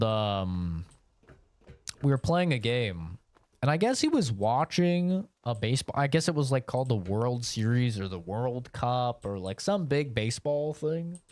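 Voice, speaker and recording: A man's voice: medium pitch, no room sound. A young man streaming a game, telling a rambling, profane story in a casual chat full of fillers. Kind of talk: casual storytelling while gaming.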